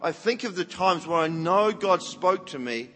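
A man's voice: high voice, expressive, moderate pace, fairly bright tone. A man preaching as an evangelist, telling stories animatedly and often repeating words as he restarts. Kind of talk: sermon storytelling. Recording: reverberant hall with faint music.

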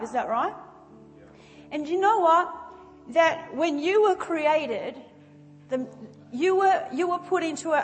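Aussie lady preacher, chatty and animated, high voice, long reverb in a big hall. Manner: conversational, animated, acts out scenes. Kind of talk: sermon. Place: church hall.

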